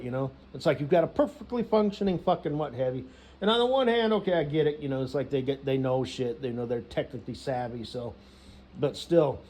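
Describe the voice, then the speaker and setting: A man's voice: fairly high pitch, dark tone. A man telling a rambling, profane story, filling it with "you know" and laughs. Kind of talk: rambling casual rant.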